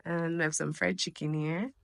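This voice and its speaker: A woman's voice: sits low, flat delivery, normal speed, creaky, fairly bright tone, no echo, clean studio sound. A Jamaican woman hosting a family vlog, talking in a chatty, upbeat way and laughing easily. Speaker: vlog host. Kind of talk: casual vlog narration.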